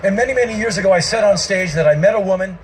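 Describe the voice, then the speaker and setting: A man giving an emphatic spoken-word monologue to a live audience on an outdoor festival stage, his delivery breaking into shouts. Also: high-pitched, rapid-fire, a little hiss or hum, poor audio.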